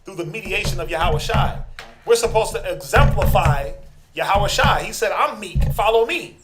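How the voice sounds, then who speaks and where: Male Bible class teacher, high voice, lively and call-and-response, acts out the people he quotes; echoey room. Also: moderate pace, loud music behind the voice. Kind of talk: interactive scripture class.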